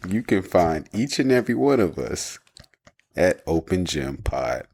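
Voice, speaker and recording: A man co-hosting a casual podcast chat, relaxed and teasing, chuckling often. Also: low-pitched, unhurried, breathy edge. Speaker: podcast co-host.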